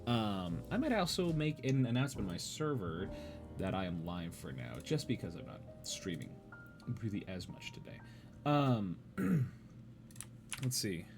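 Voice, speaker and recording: A man's voice: lowish voice, sing-song, a little slow, over music. A young man casually hosting a livestream show, rambling and chatting with viewers while reading their messages aloud. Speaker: podcast host.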